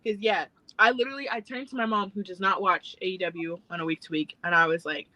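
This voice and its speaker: A woman's voice: medium pitch, fairly even intonation, quick pace, pushed and bright, dry recording, low-quality recording. A woman co-hosting a podcast, chatting casually with profane, laughing banter. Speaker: podcast co-host. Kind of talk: casual chat.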